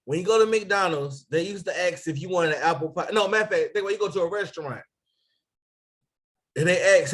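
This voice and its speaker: A business coach leads his team over a live stream, his voice sitting a little high for a man and his pace a little fast. Full of lively energy, he keeps urging viewers to post in the comments and shouts people out by name.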